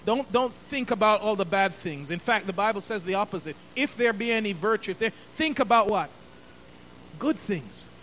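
Bright high-voiced male preacher. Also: expressive, moderate pace, a little hiss or hum. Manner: emphatic, repeats key phrases for stress. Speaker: pastor. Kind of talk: sermon.

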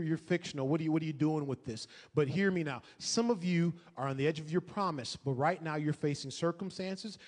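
Emphatic preacher man in an echoey hall. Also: fairly high pitch. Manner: emphatic, rhetorical questions, repeats himself. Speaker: pastor. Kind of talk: sermon.

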